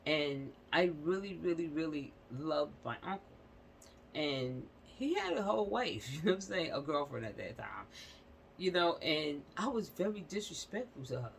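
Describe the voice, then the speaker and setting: A woman's voice: fairly low pitch, creaky, slight background noise, low-quality recording. A woman hosting a casual commentary vlog, talking bluntly and emphatically, often repeating herself and checking in with "you know what I'm saying". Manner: blunt, uses mild profanity. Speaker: channel host.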